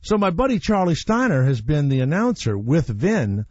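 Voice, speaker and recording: A man's voice: fairly high pitch, moderate pace, dry recording, muffled recording. A man hosting a talk radio show, telling stories in an opinionated, blunt way with some swearing. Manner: opinionated, animated storytelling with blunt profanity. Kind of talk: casual talk radio chat.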